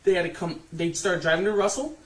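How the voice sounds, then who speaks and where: A man in his fifties, a podcast co-host, telling a profane, animated story and acting out what others said. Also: sits high, quick pace. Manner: profane, animated, acts out quotes. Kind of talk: casual storytelling chat. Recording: distant mic, faint noise.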